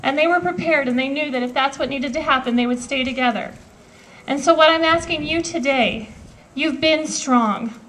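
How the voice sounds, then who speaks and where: A woman's voice: sits high, moderate pace, fairly bright tone, rough recording. A woman in her thirties giving an earnest, emotional speech at an outdoor political rally. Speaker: rally speaker.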